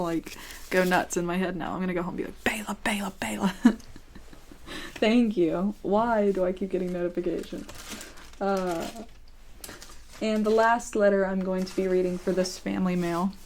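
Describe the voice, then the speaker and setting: A woman's voice: on the low side, slight background noise. Young woman chatting into a close mic, reading fan letters, gushy and sweet, sometimes whispers. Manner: gushing and affectionate, slips into soft whispers. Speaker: ASMR channel host reading fan mail. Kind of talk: casual vlog chat, reading letters aloud.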